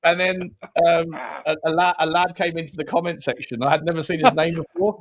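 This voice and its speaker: A man's voice: a little high, steady tone, a little fast. A young adult man, co-hosting a casual football chat in a jokey, banter-filled way. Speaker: co-host.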